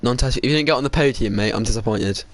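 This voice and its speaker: A race commentator giving live sim-racing commentary, excitable, often laughing and screaming. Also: mid-range voice, quick pace. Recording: noisy line with steady hiss.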